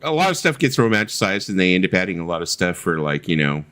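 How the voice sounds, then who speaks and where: A man co-hosting a casual livestream chat, telling stories in a blunt, profane, animated way. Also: low voice, fast talker. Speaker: co-host of a livestream.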